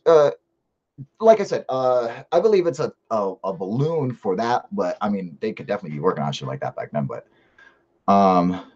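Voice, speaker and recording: A man with a fairly low voice talks loosely and at length as a live-stream host. He rambles, swears freely and pushes his points hard while answering comments. The sound is muffled and lo-fi. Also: big pitch swings, normal speed, darkish tone, breathy edge. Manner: profane, rambling, emphatic. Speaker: live-stream host reading viewer chat. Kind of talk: casual live-stream chat.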